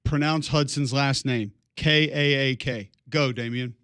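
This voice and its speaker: A man's voice: mid-range voice, fairly even intonation, unhurried, a bit bright, clear, resonant tone, no room sound, clean studio sound. A man co-hosting a sports radio show, joking around as an Australian punter and calling people mate. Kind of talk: casual sports talk. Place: radio studio.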